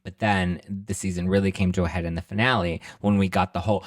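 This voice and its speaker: A man's voice: low voice, a little fast, hardly any pauses, no room sound, studio quality. A young man hosting a podcast, chatting casually about reality TV gossip and acting out the quotes in campy mimicking voices. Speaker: podcast host recapping a book.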